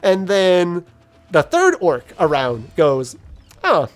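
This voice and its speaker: A man's slightly slow, high-sitting voice carries his let's play commentary as he plays a video game. The talk is casual and rambling, with animated, jokey storytelling.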